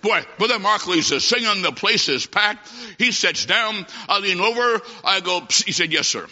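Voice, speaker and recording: A man preaching a humorous sermon, telling a comic story and acting out the dialogue with lively timing. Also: high voice, moderate pace. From half Italian. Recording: dull recording in a long-echoing hall.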